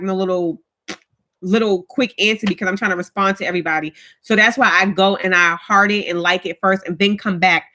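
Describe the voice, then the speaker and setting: A woman in her thirties chatting casually with her viewers as a vlogger, telling stories in an animated, colloquial way. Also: mid-range voice. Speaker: vlogger host.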